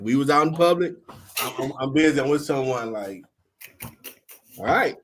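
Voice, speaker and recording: A man's voice: mid-range voice, moderate pace, long pauses, a little hiss or hum. A middle-aged man, hosting a podcast and telling a story in casual slang, acting out the other people's lines. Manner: animated, slangy, acts out quoted voices. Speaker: podcast host.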